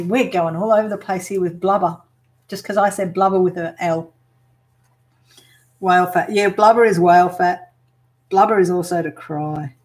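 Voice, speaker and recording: An Australian woman chatting casually on a live stream as she works on a craft, laughing often as she explains slang to viewers. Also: fairly low pitch. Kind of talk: casual live chat while working.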